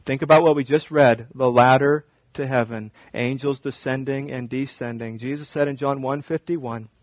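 A male pastor preaching a sermon, telling stories animatedly and acting out dialogue, then slowing to quiet emphatic lines. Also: medium pitch, fairly even intonation, no echo, low-quality recording. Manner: drops to slow, quiet emphasis.

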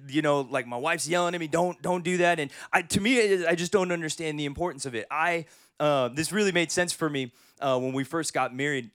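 A man in his thirties preaching a sermon as pastor, telling humorous stories in an animated way. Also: fairly high pitch, no echo, clean studio sound.

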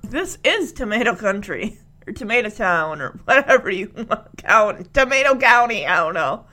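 A woman's voice: mid-range voice, sing-song, normal speed, sharp tone. A woman chatting casually as she recaps a TV episode, rambling and laughing often.

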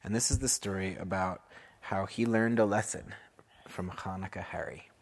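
A man improvising a bedtime story for his children, unhurried and asking them questions along the way. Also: low-pitched, fairly even intonation.

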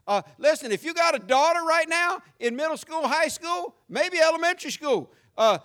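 A man's voice: very high voice, sing-song, moderate pace, few pauses, a bit bright. A man with a Southern US accent preaching a sermon, folksy and emphatic. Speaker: pastor.

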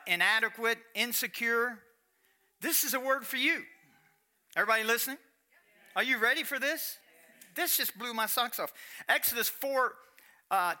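A man preaching a sermon as pastor, emphatic and animated, acting out quotes with dramatic pauses. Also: high-pitched.

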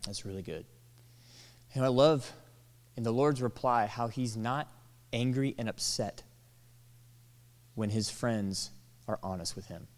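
A man preaching a sermon, animated, acting out quoted lines and dropping to soft, tender tones. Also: mid-range voice, a little slow, long pauses. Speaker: pastor. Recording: long hall reverb.

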